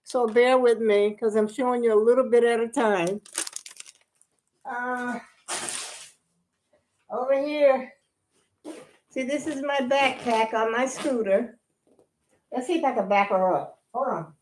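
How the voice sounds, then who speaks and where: A woman's voice: on the high side, slow pace, long pauses, a little mellow, slight background noise. An older woman chatting casually on a live stream, homey and talkative, calling her viewers y'all, a little out of breath. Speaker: vlogger.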